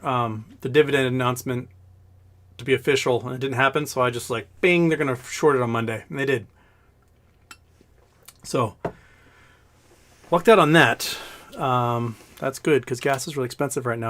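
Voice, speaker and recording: A man's voice: mid-range voice, a bit bright. A man hosting a casual livestream with a slightly scratchy throat, rambling and joking as he reads out viewer questions. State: scratchy throat after illness. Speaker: livestream host.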